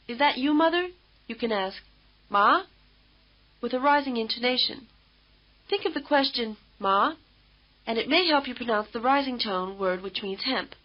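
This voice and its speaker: A woman's voice: fairly high pitch, muffled recording. Woman narrating an old language-course tape. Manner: measured, patient, explanatory. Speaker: language instructor. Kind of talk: scripted instructional narration.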